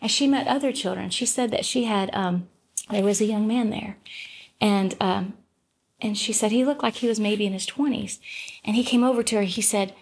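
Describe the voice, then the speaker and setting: A woman's voice: normal speed, creaky, a little hiss or hum. A woman guest telling a heartfelt personal story in casual conversation, earnest, often restarting and correcting herself, and lifting her voice to act out the people she quotes. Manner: acts out quoted voices with lifted pitch. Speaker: guest, gospel singer.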